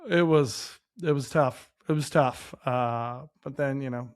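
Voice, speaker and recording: Rambling animated storytelling man. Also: medium pitch, measured pace. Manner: animated, rambling, heavy use of "like". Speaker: podcast co-host, chef. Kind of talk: casual storytelling chat.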